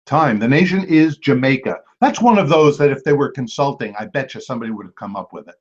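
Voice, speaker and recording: A man hosting a trivia game. He reads each clue twice and adds chatty asides and quick apologies to the teams. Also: mid-range voice, animated, breathy edge. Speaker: quiz host. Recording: dull lo-fi recording.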